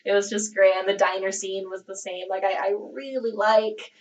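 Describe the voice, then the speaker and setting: A woman's voice: mid-range voice, flat delivery, normal speed, distant mic, poor audio. A woman hosting a podcast in casual chat, talking in a chatty way full of "like" and "um". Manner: chatty, lots of "like" and "um", laughs easily. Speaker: podcast host.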